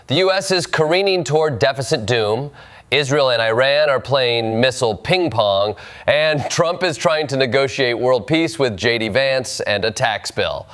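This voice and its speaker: A man's voice: medium pitch, big pitch swings, normal speed, fairly bright tone. A man hosting a scripted satirical news segment, delivering punchlines in a dry, sarcastic way. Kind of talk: scripted comedic news narration.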